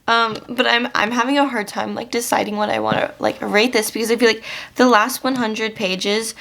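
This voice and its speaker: Young woman vlogger, gravelly fry, slightly high voice, chatty and gushing. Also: fairly even intonation, normal speed, a bit bright. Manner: chatty, filler-heavy, gushing. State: tearful at times. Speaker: book vlogger. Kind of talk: casual reading vlog chat.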